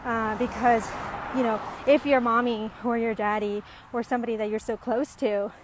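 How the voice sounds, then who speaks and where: A woman with a fairly high voice speaks casually to camera about parenting. She rambles, trailing off into ums and restarting her sentences, but stays earnest and gets more emphatic as she goes. A faint hum of noise sits under her voice. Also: flat delivery, moderate pace. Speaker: parent vlogger. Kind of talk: casual reflective monologue to camera.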